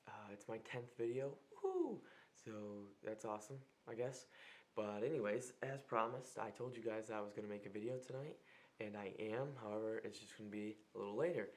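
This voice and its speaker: A man's voice: fairly low pitch, fairly even intonation, brisk. A young man vlogging casually in a room, chatty and exasperated, acting out text exchanges in mock voices. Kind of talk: casual vlog. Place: a room other than his usual filming spot.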